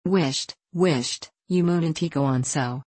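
A woman voicing a stout, bustling housekeeper in an audiobook, scolding in rustic dialect yet caring underneath. The voice is low and dry. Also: a little slow, darkish tone, slightly rough, dry recording. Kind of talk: audiobook reading.

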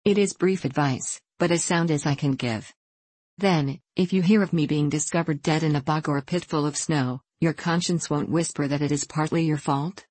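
A woman reading an audiobook and voicing a sharp-tongued young woman of the house who speaks in a cutting way. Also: low-pitched, moderate pace, husky, no room sound.

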